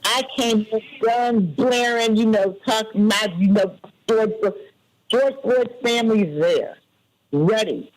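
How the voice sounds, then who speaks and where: A man, a lawyer and guest on the panel, speaking haltingly and restarting his sentences often. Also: high voice, poor audio. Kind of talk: panel discussion.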